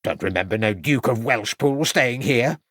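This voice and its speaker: A man voicing a loud, formidable, buxom middle-aged landlady who booms and gives orders. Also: animated, unhurried, dry recording, studio quality. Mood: bossy. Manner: booming, bossy, dismissive.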